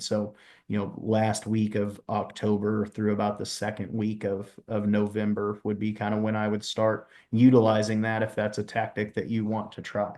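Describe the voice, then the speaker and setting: A man's voice: on the low side, mellow. A man, a wildlife department presenter answering viewer questions in a casual, folksy live Q&A. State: has the hiccups.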